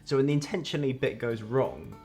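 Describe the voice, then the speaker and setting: A man's voice: mid-range voice, very animated, fairly quick, gravelly, a little mellow, soft background music. A man, chatting casually as a guest about his work as a wedding magician and acting out people's reactions as he talks. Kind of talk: casual chat.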